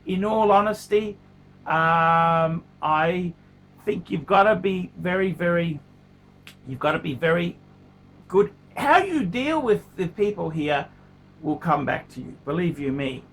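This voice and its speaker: A man's voice: sits high, lively intonation, measured pace, fairly bright tone. A middle-aged man, talking casually to camera in a blunt, profane way and often repeating himself. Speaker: watch collector vlogger.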